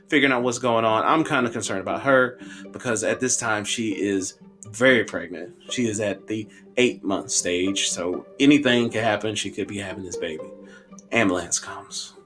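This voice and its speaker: A man in his thirties telling a funny personal story on a podcast, animated and conversational. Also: fairly low pitch.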